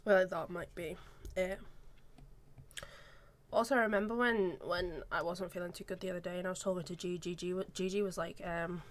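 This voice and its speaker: A woman's voice: on the low side, fairly even intonation, normal speed. A woman streamer chatting casually during a game in a rambling, giggly way. She sits far from the mic. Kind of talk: casual gaming chat.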